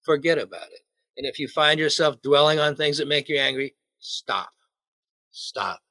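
Bright-voiced man preaching with humor. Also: fairly high pitch, little pitch movement, brisk, no echo. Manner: jokey, asks the congregation questions. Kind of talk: sermon.

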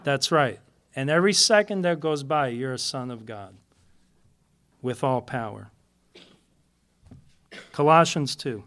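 A man's voice: medium pitch, expressive, unhurried, long pauses, a bit bright. A man giving an informal Bible teaching to a fellowship, chatty and self-deprecating, laughing often and repeating key words for emphasis.

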